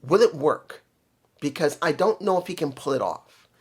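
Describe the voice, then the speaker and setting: A man talking through a wrestling episode on his own, casual and opinionated. His voice sits a little high for a man, and he stops to hunt for words and restart his sentences as he goes. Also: lively intonation, moderate pace, slightly rough. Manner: opinionated, thinking aloud with fillers and restarts. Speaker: wrestling show reviewer. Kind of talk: casual solo commentary.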